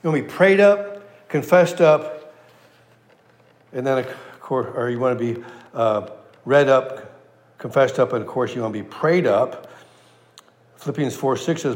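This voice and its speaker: A man's voice: medium pitch, moderate pace, pauses often, reverberant. A man delivering a sermon in an easy, folksy style. He leans on repeated phrases to drive points home. His voice tends to fall away at the close of each phrase. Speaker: pastor. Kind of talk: sermon with a joke.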